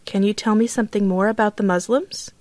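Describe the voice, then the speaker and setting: A woman's voice: medium pitch, steady tone, a little fast, a little mellow, dry recording, lightly acted. Woman doing a curious polite daughter asking her dad questions, dry sound. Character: young daughter writing a school essay. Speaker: textbook audio actor. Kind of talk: scripted textbook dialogue.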